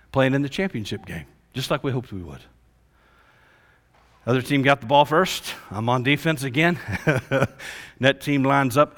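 A man preaching a sermon, telling stories in an animated, casual way. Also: medium pitch. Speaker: pastor. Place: church hall. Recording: reverberant church hall.

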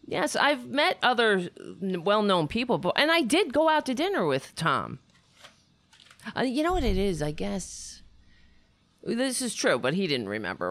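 ぼやき続ける早口でないニューヨーク訛りの女性. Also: female voice, mid-range voice, big pitch swings, measured pace, a bit bright, no room sound. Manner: self-deprecating, rambling, swears a lot. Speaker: livestream host. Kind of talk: casual livestream chat.

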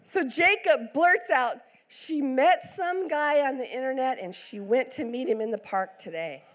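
A middle-aged woman pastor tells a family story from the pulpit in a slightly high voice. She throws herself into the quoted lines, swinging her voice up and down as she goes. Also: measured pace. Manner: animated, acts out quotes with big swings in voice. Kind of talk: sermon storytelling.

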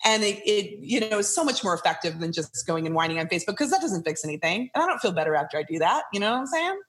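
A middle-aged woman chatting as a podcast guest, lively and playfully acting out the voices of people she quotes. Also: mid-range voice, quick pace. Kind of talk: casual interview chat.

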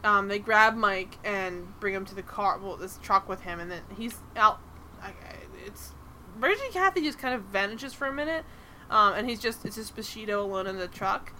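A woman hosting a casual podcast, talking in an animated, exasperated way and swearing freely. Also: medium pitch, normal speed, slight background noise. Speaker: podcast host. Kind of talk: casual chat recapping a TV episode.

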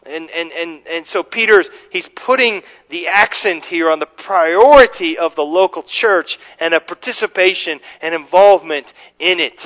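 High-voiced earnest male preacher. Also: a bit bright, low-quality recording. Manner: earnest, emphatic, repeats words when starting sentences; slows down to stress scripture phrases. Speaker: pastor. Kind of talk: sermon.

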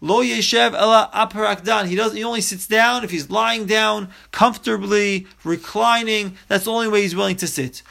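A man leads a Torah study class, reading a line of Hebrew and then explaining it in English. His voice sits a little high for a man and has a gravelly, fried edge. He talks like a teacher walking through a text one phrase at a time. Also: steady tone, moderate pace, few pauses, pushed and bright.

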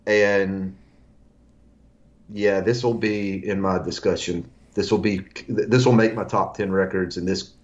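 Low-voiced man on a lo-fi podcast. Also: fairly even intonation, unhurried. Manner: rambling, restarts, enthusiastic recommendations. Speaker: podcast co-host. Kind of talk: casual music podcast chat.

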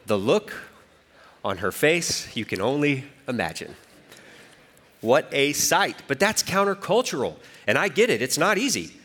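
A man delivering a church sermon as the pastor. He tells stories with animated delivery, his voice rising for emphasis and dropping low and quiet for reflection. His pitch sits in a typical middle range for a man. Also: measured pace.

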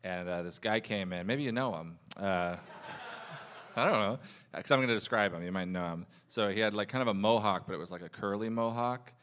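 A man's voice: on the low side, normal speed, fairly bright tone. A man hosting a live comedy podcast, telling a rambling anecdote and quoting people in shifting voices. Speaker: podcast host. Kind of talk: live podcast banter and storytelling. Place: live show before an audience.

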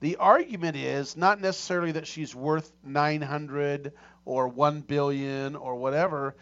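A man's voice: a little high, steady tone, a little slow, a bit bright. A middle-aged man hosting a casual talk show, rambling with many restarts and fillers. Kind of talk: casual chat. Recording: dull lo-fi audio.

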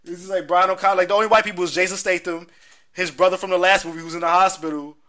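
A man's voice: high-pitched, flat delivery, very fast, sharp tone. An American man hosting a podcast, chatting about pop culture in a loose, slangy, profane way. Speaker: podcast host. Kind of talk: casual pop-culture chat.

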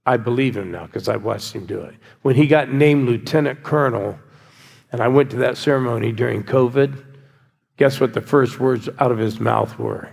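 A man's voice: mid-range voice, normal speed, vocal fry, a little mellow, slightly rough. An older man preaching a sermon, coaxing his congregation to answer back and cheer. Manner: exhorting, coaxing a congregation with call-and-response. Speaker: pastor. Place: large church hall. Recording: church hall with long reverb.

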